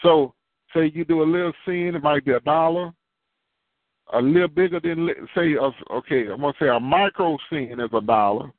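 A man's voice: fairly high pitch, moderate pace, no room sound. A man preaching a sermon in a conversational way, asking the listeners questions and answering them himself. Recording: tinny phone-line sound, dry.

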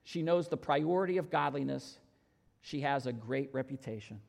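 A man's voice: medium pitch, moderate pace, vocal fry, a little mellow. A male pastor preaching an earnest sermon and telling stories to his congregation in a church. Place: church sanctuary. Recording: long reverb in church hall.

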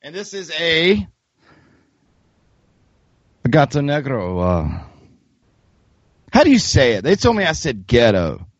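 Lively Southern man hosting a podcast. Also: a little high, unhurried, long pauses, slightly rough, no echo, highs cut off. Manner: lively, laughing storyteller. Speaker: podcast host. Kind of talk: casual chat.

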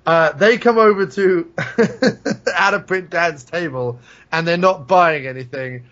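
A high-voiced man holds forth in a casual podcast chat, swearing freely and laughing through his own stories. The sound is dull and lo-fi. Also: measured pace, a bit bright. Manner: profane, ranting, laughs while telling stories. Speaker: podcast co-host.

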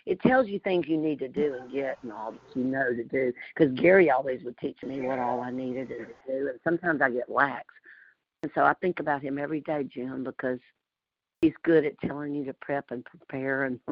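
A woman's voice: very deep voice, a little fast, no echo. Southern woman, talkative storyteller, muffled call-line sound. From Louisiana. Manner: chatty, animated storytelling with frequent laughs. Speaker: community call participant. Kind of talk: casual group call chat. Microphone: remote call audio.

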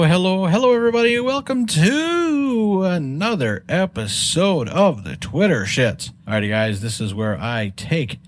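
A man hosting a comedy segment where he reads tweets aloud in a brisk, mocking way, chuckling along. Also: medium pitch. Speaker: segment contributor reading tweets. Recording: noisy separate recording.

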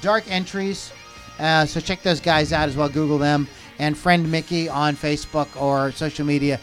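A man with a fairly high voice hosts a casual live podcast. He rambles, restarts his sentences and chats loosely, with faint music behind him. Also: fairly even intonation, normal speed, fairly bright tone. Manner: rambling, self-interrupting, reads out viewer comments. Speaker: podcast host.

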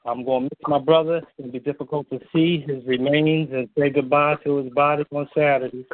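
Guy calling in, trying not to cry, talks slow and halting, tinny phone line. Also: a little high, steady tone, no room sound. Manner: slow, halting, heartfelt pauses. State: holding back tears. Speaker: caller. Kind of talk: emotional tribute on a call-in show.

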